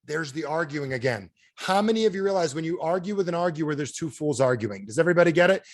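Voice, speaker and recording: A male sales trainer speaks on a video call, telling stories and constantly asking his listeners questions. His voice sits a bit high and swings widely as he rushes along. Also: lively intonation, no room sound, clean studio sound. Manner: storytelling, peppered with audience questions. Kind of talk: motivational talk.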